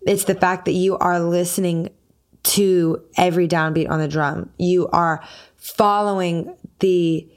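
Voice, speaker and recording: A woman's voice: fairly low pitch, measured pace, smooth. A woman hosting a podcast, chatting casually and telling a personal story, acting out her own quoted lines as she goes. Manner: storytelling, quotes herself with animated voices. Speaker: podcast host and singer.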